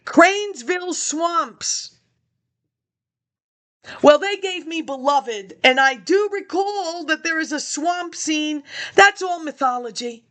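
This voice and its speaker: High-voiced woman rambling to her viewers. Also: lively intonation, slow, a bit bright. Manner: chatty, jumps between topics, chuckles to herself; talks straight to her viewers. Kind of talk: rambling casual monologue.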